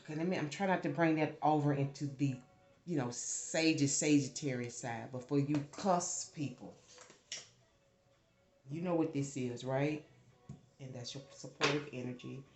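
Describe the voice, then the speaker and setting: A fairly low-voiced woman talks through a tarot reading in a loose, chatty way. She gets animated and swears freely when worked up, and her voice rings in an echoey room. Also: normal speed, soft background music. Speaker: tarot reader.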